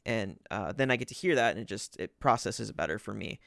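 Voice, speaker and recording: Gravelly young man, dry close sound. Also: on the low side, animated, brisk, a bit bright, no echo. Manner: thoughtful, explanatory, filler-heavy. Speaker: podcast co-host. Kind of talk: casual podcast chat.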